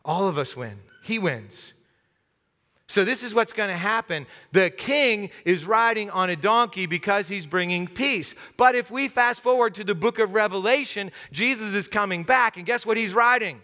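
An American man preaching a lively interactive sermon in a church, acting out crowd voices and joking with the congregation. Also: high-pitched. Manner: animated, acts out crowd voices, jokes with congregation. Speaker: pastor. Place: church sanctuary. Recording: long hall reverb.

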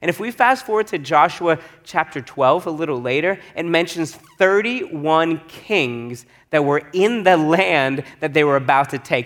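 A male pastor delivering a sermon with an easygoing, conversational flow. His voice sits fairly high for a man, and he leans on key phrases by saying them twice. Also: lively intonation, measured pace, few pauses, fairly bright tone. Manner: casual, conversational preaching with emphatic repeats.

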